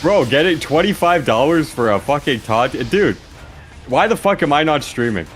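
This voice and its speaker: A man's voice: fairly high pitch, lively intonation, moderate pace, faint music behind. A man who makes gaming videos, guesting on a stream and bantering with loose, crude anecdotes full of fillers.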